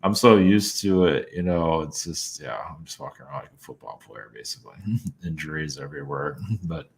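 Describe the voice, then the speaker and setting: Deep-voiced male guest, hesitant, casual interview delivery. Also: vocal fry. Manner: soft-spoken, halting, many fillers and little laughs. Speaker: guest, channeler.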